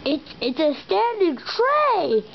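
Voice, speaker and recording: A woman's voice: extremely high pitch, big pitch swings, slow pace, gravelly, pitched above the performer's own voice, full character voice. A woman voicing a snarky food court visitor who mocks and exclaims. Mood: taunting. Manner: mocking, exclaiming. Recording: dull lo-fi recording with loud hiss and clicks.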